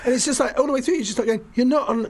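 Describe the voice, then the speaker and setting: A man in casual film chat on a podcast, animated and acting out quoted lines. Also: very high voice, very fast, slight background noise. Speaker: podcast co-host.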